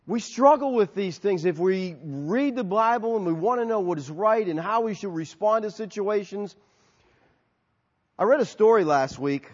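A man with a high voice preaches a sermon in an easy, conversational way. His words ring out with a long reverb, and the recording sounds dull and lo-fi. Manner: conversational, storytelling with acted-out shouts. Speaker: pastor.

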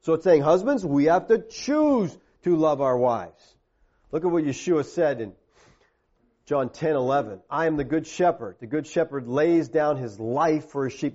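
A man preaching a sermon, his voice sitting a little high but sounding mellow and warm. He calls out directly to the men listening and swings between hushed, low stretches and emphatic peaks. The recording is dull and lo-fi. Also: animated, normal speed. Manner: direct, addresses the men in the congregation. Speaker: pastor.

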